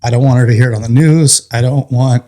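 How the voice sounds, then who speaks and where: This firefighter, a guest on an interview, tells his story at a quick pace in a mid-range male voice. He's energetic, laughing at the funny parts and swearing offhandedly.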